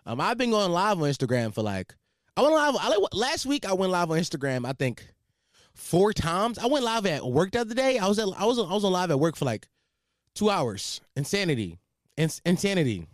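Loud, rambling young podcast host. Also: male voice, a little high, no room sound, clean studio sound. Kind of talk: casual solo podcast chat. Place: home room at night.

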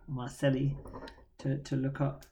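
A man's voice: medium pitch, completely flat delivery, a little slow, warm tone, slight background noise. A man, co-hosting a podcast in laid-back casual chat, swearing now and then. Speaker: podcast co-host.

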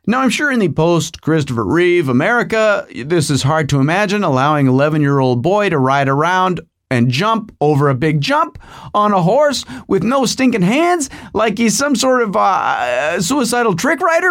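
A man's voice: on the high side, sing-song, moderate pace. A middle-aged man hosting a podcast, telling a rambling comic story with digressions and asides to the listener. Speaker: podcast host.

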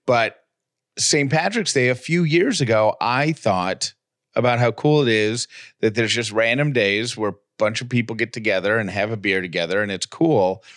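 A man's voice: fairly low pitch, normal speed, a bit bright, dry recording, studio quality. A man co-hosting a casual chat podcast, playful and rambling, often restarting his sentences. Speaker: podcast co-host.

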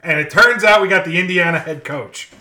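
Bright high-voiced co-host, a man. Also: fairly quick. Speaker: podcast co-host. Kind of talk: casual podcast banter. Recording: echoey room.

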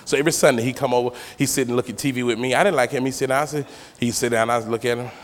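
A man doing a stand-up comedy routine, telling slangy, animated stories and acting out the characters. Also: mid-range voice, rapid-fire. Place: comedy stage before a live audience. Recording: live club hall with crowd noise. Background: audience laughter.

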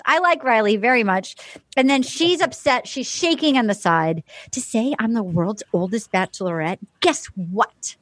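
A woman hosting a podcast in casual chat, acting out quotes with animated delivery. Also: fairly high pitch, normal speed, no room sound. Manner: animated, acts out quotes from the show. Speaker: podcast host.

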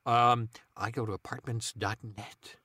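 Deadpan man riffing absurd bits, halting with fillers, dry close mic. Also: medium pitch, no room sound. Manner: rambling, deadpan, many ums and uhs. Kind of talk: improvised comedy chat.

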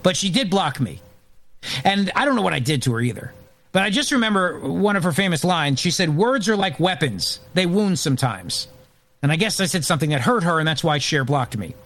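Lively sarcastic talk radio man. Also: a little high, fast talker. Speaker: fill-in radio host.

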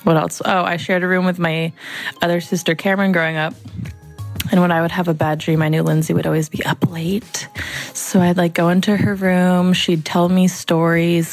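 A young woman in her twenties, a younger sister, chattily sharing childhood memories in a casual message. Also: on the low side. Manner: chatty, reminiscing, with fillers.

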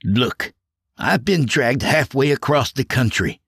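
An indignant, rattled doctor in an audio story, snapping and cursing with a husky edge, as a man acts him out. His pitch swings widely as he rants, in a dry, close recording. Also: lively intonation, unhurried, fairly bright tone, no room sound, exaggerated voice. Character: angry, frightened middle-aged male doctor.

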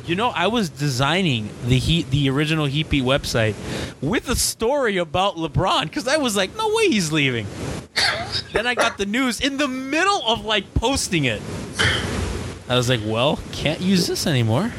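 A man in his twenties co-hosting a podcast, chatting casually and excitedly about basketball. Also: moderate pace. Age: 20s. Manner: animated, rising to excited squeals. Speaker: podcast co-host. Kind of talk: casual sports chat. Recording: noisy background with low rumble.

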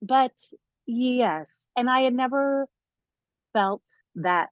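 Animated woman telling a story. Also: fairly high pitch, very slow, no echo, narrow, tinny audio. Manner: animated storyteller, acts out quoted voices. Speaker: guest. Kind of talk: casual chat.

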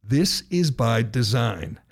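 A middle-aged American man hosting a political talk radio show, sarcastic and given to loud rhetorical questions, speaking in a studio. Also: medium pitch, sing-song, takes it slowly, husky.

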